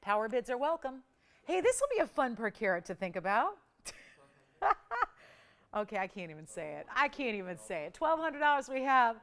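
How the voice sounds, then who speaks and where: A woman hosting a live shopping channel, calling out bids in an energetic, chatty auction patter. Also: mid-range voice. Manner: energetic, rapid bid calling; playful, chatty. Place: TV studio.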